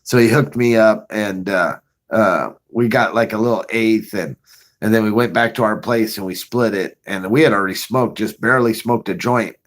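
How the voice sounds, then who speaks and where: A man's voice: lowish voice, normal speed. A man casually telling a story on his own show, swearing often, laughing now and then, and acting out the scenes. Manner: profane, laughing, animated retelling. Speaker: vlogger.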